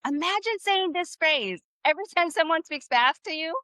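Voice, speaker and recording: Her voice is high and bright with lively intonation as she leads an online Spanish class live, encouraging and upbeat. She draws phrases out slowly for the class to echo back. The audio is dry and close, video-call style, with no echo at all.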